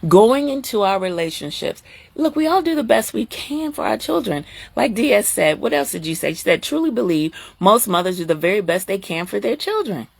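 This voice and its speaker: A middle-aged woman hosting a live stream, talking casually and chattily to her viewers, sometimes jumping up into a high squeal of surprise. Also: big pitch swings, a little fast, gravelly, husky, no room sound.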